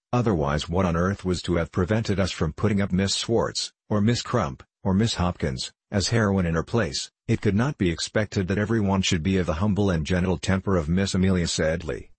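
A man narrating a classic novel as an audiobook in a measured, even reading. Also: low-pitched, breathy edge, no echo.

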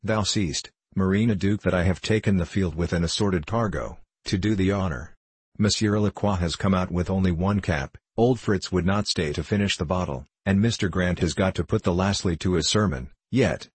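A man voicing a loud, blustering, joking sleigh driver in a storybook reading. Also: low voice, moderate pace, slightly rough, no echo. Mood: boisterous.

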